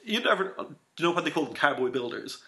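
A man telling a story in casual, animated chat, often laughing and swearing. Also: on the high side, quick pace. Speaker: podcast co-host telling a story.

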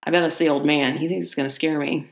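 A woman storyteller plays a jumpy young man, uneasy at first and then loud and defiant, pitched a little higher than her narration. Her voice rings in an echoey room. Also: fairly even intonation, quick pace. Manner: uneasy, then frantic shouting. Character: nervous young man trapped in a barn.

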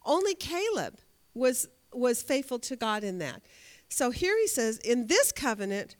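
A woman's voice: on the high side, very animated, measured pace. A woman teaching a Bible study class, asking her students questions and reading scripture aloud.

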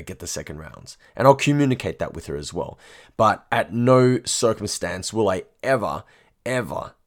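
Blunt, cursing man. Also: on the low side. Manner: blunt and profane, with lots of "right?" asides. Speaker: dating coach. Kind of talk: monologue to camera.

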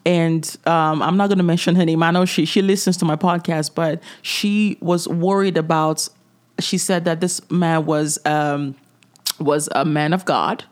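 A woman's voice: low voice, steady tone, measured pace. A middle-aged woman hosting a faith-based podcast, talking in a direct, preachy way with chuckling asides. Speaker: podcast host.

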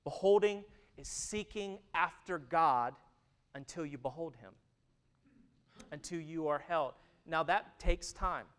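A man in his thirties preaching a sermon, who moves from loud, emphatic stretches to hushed, intimate ones. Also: on the high side, slow pace, clear, resonant tone. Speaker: pastor.

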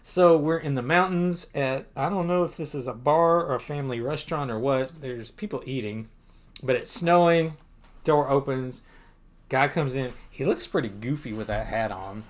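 Man, podcast co-host, easygoing chatty recap with laughs, mid-pitched voice. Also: moderate pace. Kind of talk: casual comic book discussion.

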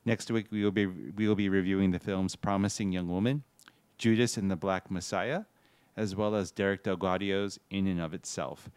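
A man hosting a casual film podcast, upbeat and quick to laugh. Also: deep voice, steady tone, darkish tone, clear, resonant tone, no room sound. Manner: upbeat, laughs easily, reads out show plugs. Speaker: podcast host.

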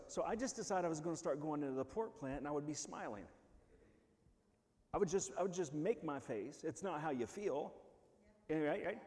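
A man preaches a personal testimony with a high voice. He drops low and quiet, then climbs into loud, excited bursts, stumbling and restarting as he goes. His voice rings out in a big, echoing church hall. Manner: swings from hushed to shouting, restarts often. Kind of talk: sermon testimony. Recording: long reverb of a church hall.

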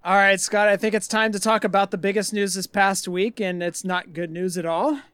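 A man's voice: high voice, steady tone, normal speed, a bit bright, clear, resonant tone, dry recording. A man co-hosting a casual podcast, ranting in an exasperated way with some mild swearing. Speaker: podcast co-host.

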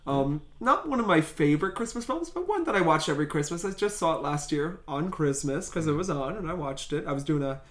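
A man co-hosting a casual movie review podcast, jokey and quick with the banter. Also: a little high, expressive. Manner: jokey, quick, bursts into loud bits. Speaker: podcast co-host. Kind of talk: casual chat.

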